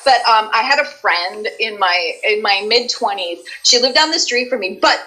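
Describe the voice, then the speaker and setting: A woman who works as a voice actress, chatting as a guest and telling stories in an effusive, animated way. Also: mid-range voice, normal speed, low-quality recording. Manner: animated storyteller, effusive, many restarts. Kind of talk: casual interview chat.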